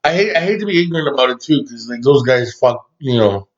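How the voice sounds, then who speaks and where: A man co-hosting a podcast, talking loosely and swearing casually, dropping "like" and "dude" all through. His pitch sits in the usual middle range. The recording is a bit dull and lo-fi. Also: lively intonation, fast talker. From Canada. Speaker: podcast co-host. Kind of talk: casual chat. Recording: dull lo-fi sound.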